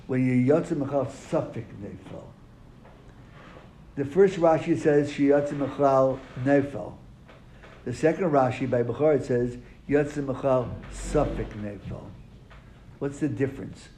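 A man's voice: mid-range voice, unhurried, mellow. A man teaching a classroom lesson, asking his students questions and then answering them. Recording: echoey room, faint noise.

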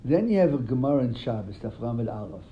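A man's voice: medium pitch, sing-song, quick pace, a little hiss or hum. A man teaching a Talmud class, quizzing his students and retelling stories animatedly, often repeating words. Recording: dull lo-fi sound, faint room ambience.

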